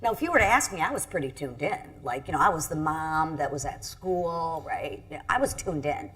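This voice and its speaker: A middle-aged woman, a congresswoman, telling a personal story on a panel in an earnest, halting way with many restarts. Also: deep voice, sing-song, fairly bright tone, breathy edge. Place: event stage.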